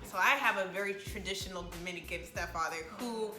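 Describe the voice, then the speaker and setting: A woman's voice: medium pitch, fast, echoey room, over music. A woman in her thirties co-hosting a casual podcast, teasing and reacting playfully while telling her own story. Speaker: podcast co-host. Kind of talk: casual chat.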